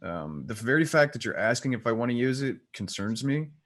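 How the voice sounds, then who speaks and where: A man's voice: mid-range voice, very animated, brisk, fairly bright tone. A young man playing a tabletop game, joking bluntly in casual banter. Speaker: player. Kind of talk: casual gaming chat.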